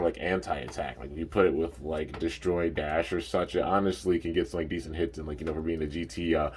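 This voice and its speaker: A young man with a very deep voice chats his way through an unboxing. He rambles in a relaxed, unhurried way, filling gaps with "man" and "like," and sounds a little sleepy. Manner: laid-back, rambling, peppered with "man" and "like". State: a bit sleepy. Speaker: toy reviewer. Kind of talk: casual unboxing chat.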